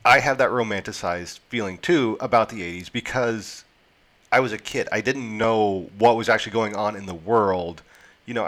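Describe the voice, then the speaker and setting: A man's voice: on the low side, fairly bright tone. A man in his forties co-hosting a casual discussion, thinking aloud and restarting his sentences. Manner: thoughtful, rambling with restarts. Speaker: podcast co-host.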